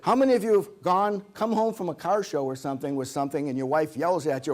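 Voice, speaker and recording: A man's voice: fairly high pitch, lively intonation, fast talker, hardly any pauses. Joking man giving a seminar. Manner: joking storyteller, acts out quotes. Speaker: seminar presenter. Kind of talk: humorous seminar talk. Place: in front of a live audience.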